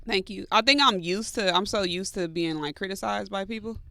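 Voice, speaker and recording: Brief: woman co-host, casual podcast banter, laughs a lot, crisp and clean. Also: mid-range voice, a little fast, sharp tone, dry recording, studio quality. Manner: playful, laughs often.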